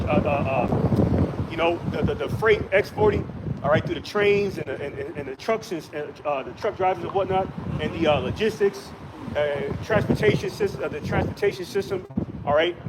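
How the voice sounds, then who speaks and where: A man preaching outdoors, rambling with many fillers and restarts. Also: fairly high pitch. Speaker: street preacher. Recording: loud wind and traffic noise.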